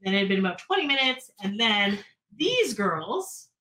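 A woman co-hosting a casual podcast, telling a story in an animated, dramatic way. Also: medium pitch, moderate pace, poor audio. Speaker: podcast co-host. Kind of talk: casual chat.

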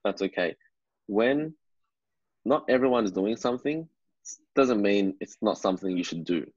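A man with a very deep, husky voice muses in a relaxed podcast conversation, often circling back on his words as he thinks aloud. He sounds motivational rather than loud. The recording is dry and a little dull, with no room sound. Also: normal speed, no echo. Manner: reflective, motivational, repeats words while thinking. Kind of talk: casual podcast chat.

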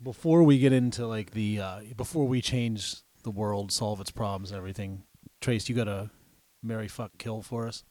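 A man's voice: fairly low pitch, normal speed, darkish tone. A man co-hosting a podcast, chatting in a laid-back way and laughing readily at crude jokes. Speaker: podcast co-host. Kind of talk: crude casual chat.

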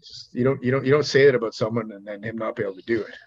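A man's voice: medium pitch, fairly even intonation, racing, husky, highs cut off. A man being interviewed on a podcast, telling a long personal story in a rambling way with many restarts. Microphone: remote podcast mic.

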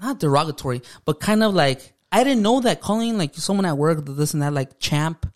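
A man's voice: a little high, expressive, brisk. A young man co-hosting a casual podcast, joking and slangy, dropping Spanish words into his talk. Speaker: podcast co-host. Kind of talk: casual chat.

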